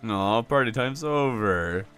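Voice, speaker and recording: A man's voice: lowish voice, expressive, takes it slowly, fairly bright tone, clean tone, soft background music. Joking young male game streamer. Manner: joking, chatty, replies to chat. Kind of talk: casual live-stream chat.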